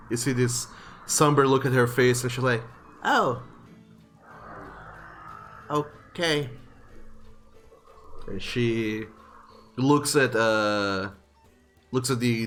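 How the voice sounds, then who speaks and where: A man narrating a tabletop game as game master, describing the scene in a relaxed way with frequent fillers. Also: mid-range voice.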